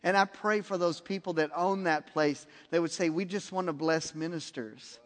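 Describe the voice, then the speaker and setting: Male preacher, high voice, animated storyteller, reverberant church hall. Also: moderate pace. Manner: animated, acts out dialogue in the story. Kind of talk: storytelling sermon. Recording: long reverb of a large hall.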